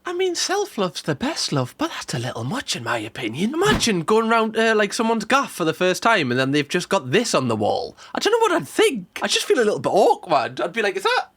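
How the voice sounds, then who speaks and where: A young man giving casual, cheeky reaction commentary, sarcastic and quick to swear. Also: sits high, wildly swooping pitch, a bit bright, slightly rough. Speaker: reaction video host.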